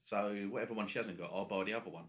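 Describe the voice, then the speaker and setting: A man's voice: lowish voice, fairly even intonation, very fast. A man co-hosting a podcast, chatting casually with cheeky banter. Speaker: podcast co-host. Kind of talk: casual comedic chat.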